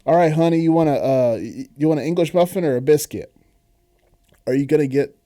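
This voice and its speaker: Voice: mid-range voice, fairly quick, warm tone, pitched above the performer's own voice, lightly acted. A man putting on a southern diner waitress, his attempted accent weak and barely changed from his own voice. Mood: friendly.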